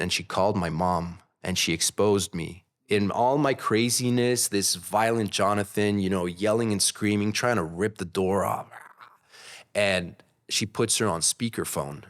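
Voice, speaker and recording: Male podcast guest, 30s, low voice, candid and animated storyteller. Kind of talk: casual storytelling.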